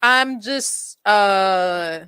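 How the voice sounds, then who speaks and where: Bright, blunt woman podcast host. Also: medium pitch, very slow, clean tone, no echo. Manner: animated, blunt, swears freely, acts out quotes. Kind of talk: casual storytelling chat.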